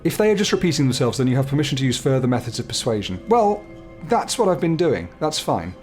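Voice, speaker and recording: A man's voice: mid-range voice, big pitch swings, quick pace, darkish tone, soft background music. A man chatting casually as he plays a game, laughing and swearing freely. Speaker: game player. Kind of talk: casual let's-play commentary.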